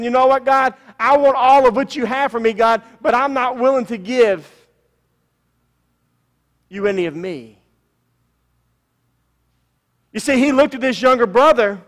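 A man preaching a sermon as pastor, with emphatic repetition and drawn-out phrases. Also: extremely high pitch, in a large hall. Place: church sanctuary.

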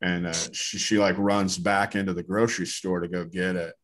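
A man doing stand-up comedy on a club stage, telling a story in a deadpan way and acting out the characters. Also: deep voice, moderate pace.

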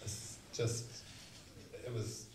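A man giving a spiritual retreat talk, telling stories and acting out quotes with sudden loud bursts. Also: very slow. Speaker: spiritual teacher. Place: retreat meeting room. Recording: roomy, mic at a distance, faint noise.

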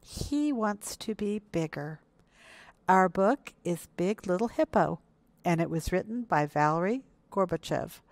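A woman librarian reading a picture book aloud for a children's storytime, slow and gentle as she asks the children questions. Her voice sits a little low and comes across close and dry. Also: expressive, no room sound. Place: indoors, recorded for video.

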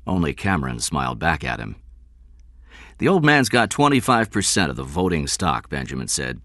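A man reading a story aloud, lifting his voice for the characters and dropping low for the narration. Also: big pitch swings, moderate pace, creaky, fairly bright tone, dry recording, clean studio sound. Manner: raises pitch for character lines, drops low for narration. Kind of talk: audiobook reading with voiced dialogue.

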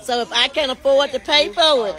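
A woman chatting casually on a phone live stream, animated and talking straight to her viewers, outdoors at night and then inside a car. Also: sits high, a little fast. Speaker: livestreamer showing a car. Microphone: phone held in hand.

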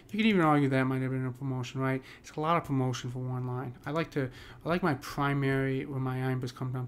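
Flat-toned man teaching casually. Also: mid-range voice, a little hiss or hum. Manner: rambling, repeats "right?" often, many restarts. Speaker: poetry teacher. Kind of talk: casual explanatory lesson.

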